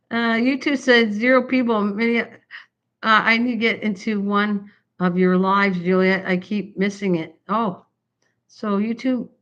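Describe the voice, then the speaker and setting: A woman's voice: mid-range voice, steady tone, slow pace, pauses often, fairly bright tone, dull audio. An older woman hosting a craft livestream, chatting in a rambling way to her viewers and laughing often. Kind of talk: rambling casual livestream chat. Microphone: built-in camera mic.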